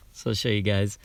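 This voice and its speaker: A young male voiceover actor chatting casually on a livestream, laughing often and restarting his sentences. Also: lowish voice.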